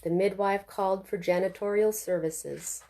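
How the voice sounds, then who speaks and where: Woman narrator, audiobook reading, mellow, expressive. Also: medium pitch, moderate pace, a little hiss or hum. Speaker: author reading her novel.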